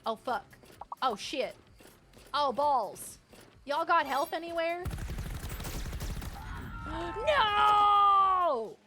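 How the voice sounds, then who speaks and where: A woman streaming a video game, reacting to it in excitable, profane casual chat. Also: high-pitched, slow pace, pauses often, a little hiss or hum. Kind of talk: casual live-stream chat while gaming.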